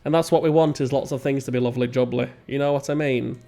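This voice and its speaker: A man's voice: medium pitch, steady tone, fast talker, creaky, warm tone, faint music behind. Jokey Northern English man. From England. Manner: rambling, self-mocking and jokey. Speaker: let's play host. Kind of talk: casual gameplay commentary.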